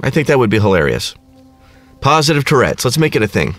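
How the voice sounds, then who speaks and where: Speaking quickly and very animatedly in a medium-pitched voice, a middle-aged podcast host rants in a crass, sarcastic, meandering way. Faint music can be heard in the background of this casual comedic rant.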